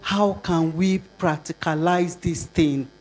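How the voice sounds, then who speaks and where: An older woman with a Nigerian accent giving a conference talk, lively and asking the audience rhetorical questions. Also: fairly low pitch, slow. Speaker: conference speaker.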